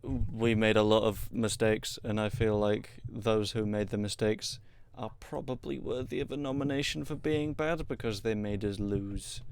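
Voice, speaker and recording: A young man hosting a casual podcast, steering topics with quick reactions. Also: fairly low pitch, steady tone, smooth. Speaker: podcast host. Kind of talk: casual chat.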